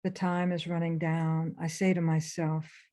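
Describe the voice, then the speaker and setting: A woman author reading her own memoir aloud for a webinar, in a measured, intense first-person delivery. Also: sits low, flat delivery, mellow. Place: remote webinar.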